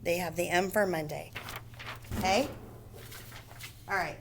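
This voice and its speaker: Teaching phonics to a first-grade class, a woman explains every step with slow patience and keeps checking on the children. She has a lowish, gravelly voice, heard over a noisy background.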